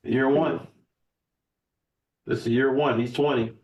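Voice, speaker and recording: A man's voice: medium pitch, fairly even intonation, takes it slowly, darkish tone. Emphatic man in an echoey room. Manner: emphatic, profane, rambling with restarts. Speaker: podcast guest. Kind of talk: casual chat. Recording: echoey room, voice from far off the mic.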